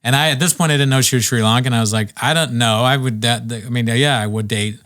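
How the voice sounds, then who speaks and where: A man's voice: medium pitch, fairly even intonation, fast, fairly bright tone. A young man from Virginia, casually telling rambling comic stories on a podcast and acting out the people he quotes. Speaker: podcast co-host. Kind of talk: casual comedy podcast chat.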